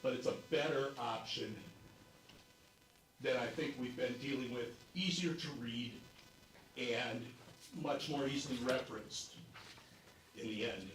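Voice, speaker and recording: A man presents a committee's bylaws document to a convention in a measured, explanatory tone. His voice carries through a reverberant hall, picked up from a distance with a faint hiss of noise underneath. He sits at a middle pitch. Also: fairly bright tone.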